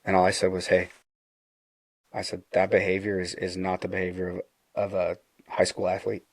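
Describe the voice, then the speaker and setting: A man's voice: monotone, moderate pace, dry recording. A middle-aged man telling a personal story in a casual, earnest way, acting out the dialogue and often restarting his phrases. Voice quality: low gravelly voice.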